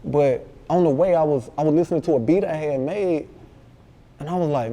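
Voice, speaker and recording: A man with a Memphis accent, a rapper telling a story in a casual interview, animated and full of slang, acting out what others said. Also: fairly high pitch, fairly quick, a little hiss or hum. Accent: Southern US, Memphis. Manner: animated, slangy, acts out quoted dialogue. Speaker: rapper guest.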